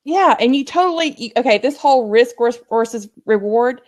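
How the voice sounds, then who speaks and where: An effusive woman speaks up on a video call, piling encouragement onto someone else. Her voice sits somewhat high, and she praises freely in casual group-chat style. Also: animated, moderate pace. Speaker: supportive chat participant.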